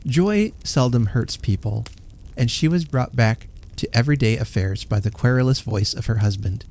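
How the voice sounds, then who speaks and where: Gravelly, lilting male storyteller. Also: mid-range voice, normal speed. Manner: expressive, lilting narration. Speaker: podcast host. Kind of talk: storybook reading.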